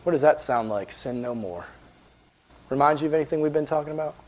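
A man preaching as a youth pastor in a casual, animated, conversational way, with lots of filler words. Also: a little high, quick pace, poor audio. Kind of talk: casual sermon.

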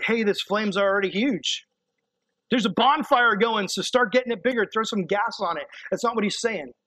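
A man preaching a sermon, animated, acting out quotes and dropping to a hushed, intense voice. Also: high-pitched, dry recording, rough recording.

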